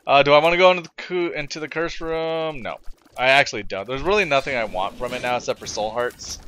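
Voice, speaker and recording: A man's voice: mid-range voice, quick pace, fairly bright tone, slight background noise. A man from the United States chatting to viewers while playing a game, rambling with lots of fillers and restarts. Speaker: let's play gamer. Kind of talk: casual gameplay commentary.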